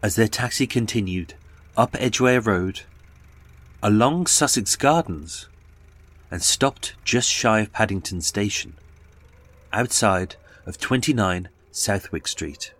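A man's voice: fairly low pitch, expressive, slow, a bit bright. A man giving dramatic scripted true-crime narration and dwelling on detail.

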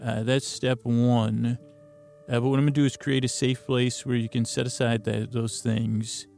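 A man's voice: mid-range voice, little pitch movement, normal speed, darkish tone, soft background music. A man hosting a sleep podcast, talking in a meandering, self-correcting ramble full of fillers and drifting asides. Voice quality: creaky, gravelly. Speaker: podcast host. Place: closet. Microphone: close studio mic.

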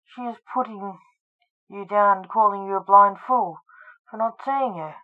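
A woman's voice: medium pitch, a little slow, close to an everyday voice. A woman reading as a snappish young man. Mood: annoyed. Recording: tinny phone-like sound.

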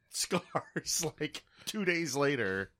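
A man in casual conversation offering his theories about a film in a relaxed way. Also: fairly high pitch, extremely slow, no room sound, clean studio sound. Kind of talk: casual movie commentary chat.

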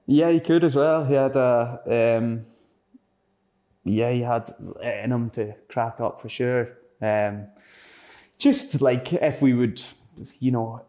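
Man, former footballer guest, loose rambling chat full of fillers, middling pitch. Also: dark tone. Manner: rambling, heavy on filler words. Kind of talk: casual podcast conversation.

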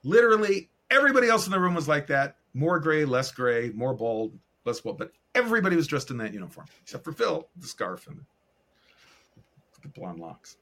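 A middle-aged man, an animator and director, telling a story as a podcast guest in an animated way and acting out the dialogue. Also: a little high, fairly quick. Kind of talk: casual storytelling.

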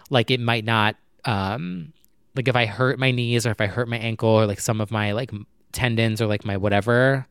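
A man talks through a casual solo podcast episode, wandering from thought to thought with plenty of "like" and "um." His voice is smooth and resonant, recorded close and dry in a quiet room at home. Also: medium pitch, no echo. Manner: rambling, filler-heavy and self-mocking. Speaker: podcast host.

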